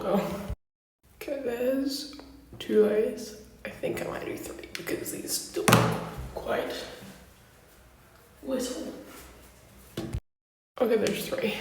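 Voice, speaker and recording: A woman's voice: mid-range voice, a little mellow, a little hiss or hum. A young woman chatting casually through a makeup tutorial, blunt and swearing freely. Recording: very echoey room, distant from mic.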